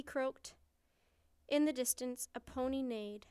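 A woman reads a children's storybook aloud in a high, clean voice. She takes her time and reads expressively, close to the mic. The room sounds dry. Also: slow pace, dry recording. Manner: clear, expressive reading.

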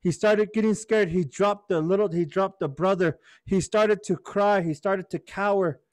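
Man, storytelling to kids, teacherly, fairly high voice, dry close sound. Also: fairly even intonation, moderate pace, dry recording. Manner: gentle teacherly, often asks "right?" and "okay?". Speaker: storyteller for youth. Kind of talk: traditional storytelling to children.

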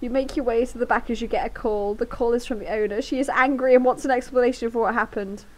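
A woman's voice: a little high, steady tone, quick pace. Giggly woman streaming a game. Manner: giggly, swears freely, breaks into laughter. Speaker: livestreamer. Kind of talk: casual livestream, reading game text aloud. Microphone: headphones with a microphone.

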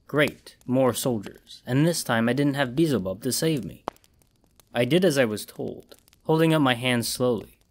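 Man, horror audiobook narrator, measured, first-person storytelling. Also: mid-range voice, animated.

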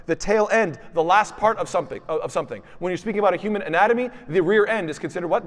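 A man's voice: high-pitched, fast, hardly any pauses, in a large hall. A man giving a religious lesson, explaining words step by step and posing questions he then answers himself. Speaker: teacher.

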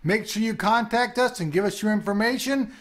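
High-voiced joking tech host. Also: male voice, brisk. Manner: joking, loud and theatrical. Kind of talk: playful announcement.

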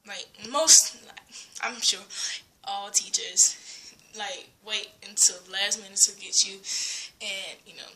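A teenage girl rants in a casual vlog from an echoey room, rambling with plenty of fillers, giggling and slipping into whispers. Her mid-range voice is steady in tone, a little slow, and sharp.

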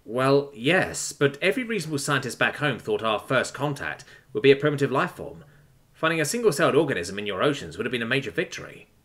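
A man's voice: mid-range voice, big pitch swings, quick pace, fairly bright tone. A man doing an earnest, friendly human captain.

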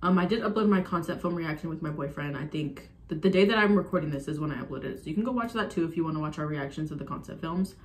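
Excitable young reaction vlogger, swearing. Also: fast talker, few pauses. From Arizona, USA. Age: 20s. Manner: excitable, lurching from low mumbles to loud exclamations, swears freely. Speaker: K-pop reaction YouTuber. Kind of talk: casual reaction vlog. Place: room at home. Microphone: phone camera.

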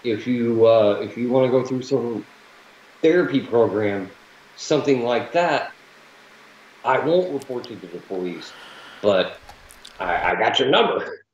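A man co-hosting a casual podcast chat, halting and hesitant as he talks. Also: medium pitch, animated, a little hiss or hum. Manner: hesitant, halting with many uhs. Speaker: podcast co-host. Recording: dull lo-fi audio.

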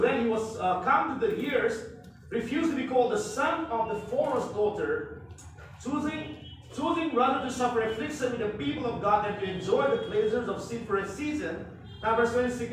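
A man with a very high-pitched voice gives a preachy Bible class lecture, reading verses slowly and dotting every point with amen and hallelujah. He is heard from across a very echoey classroom, with a faint hiss underneath. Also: lively intonation, fairly bright tone. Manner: emphatic, peppers speech with amen and hallelujah; reads scripture verses slowly and deliberately. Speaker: Bible teacher and pastor. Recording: echoey room from far off, faint noise.

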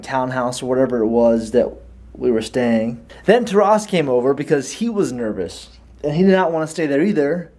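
A man vlogging casually into a handheld camera, excitable and rambling, quick to laugh. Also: medium pitch, slight background noise. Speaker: YouTube prank vlogger.

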